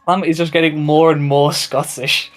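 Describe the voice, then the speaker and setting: Brief: male co-caster, slightly higher voice, quick reactive play-by-play, faint music behind. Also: level tone. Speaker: speedrun co-commentator. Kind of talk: casual live commentary.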